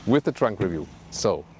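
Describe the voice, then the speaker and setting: A man's voice: on the low side, a little hiss or hum. A man with a German accent hosting a walkaround car review, pointing out features one by one in a detailed, upbeat way. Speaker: car reviewer, channel host. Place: beside a car outdoors in Scotland.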